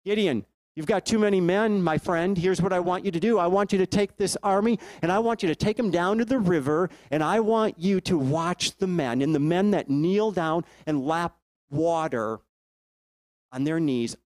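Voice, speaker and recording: A man's voice: high-pitched, moderate pace, a little mellow, dry recording, natural voice. A man preaching voices God as casual and direct, giving plain orders like a friend. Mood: breezy. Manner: breezy, direct.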